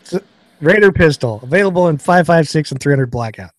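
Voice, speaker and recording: A man's voice: fairly high pitch, expressive, a little fast, dry recording. A man hosting a gun podcast in casual chat, hesitant, laughing often. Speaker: podcast host.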